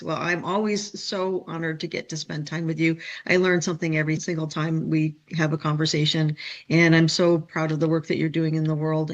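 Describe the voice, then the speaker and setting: A woman's voice: fairly low pitch, lo-fi sound. A woman hosting an interview show, effusive and full of praise for her guest. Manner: effusive, warmly praising, affirming. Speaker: show host.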